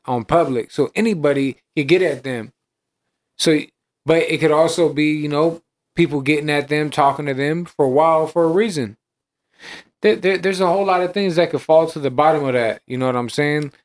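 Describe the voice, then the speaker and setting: A man co-hosting a podcast, telling street stories in a casual, slangy way, acting out dialogue and swearing often. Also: on the high side. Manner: streetwise storytelling, acts out dialogue, frequent restarts and swearing. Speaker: podcast co-host. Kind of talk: casual chat.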